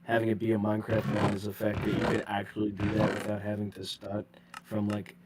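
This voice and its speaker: A man's voice: fairly low pitch, monotone, fairly quick, heavy background noise. A man chatting casually over a voice call about a game mod, laughing often and swearing freely. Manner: swears a lot, laughs often, loud bursts. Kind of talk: casual gaming chat.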